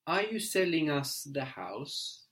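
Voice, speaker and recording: A man's voice: on the high side, big pitch swings, slow, fairly bright tone. A man teaching a language lesson, patiently prompting and correcting a learner.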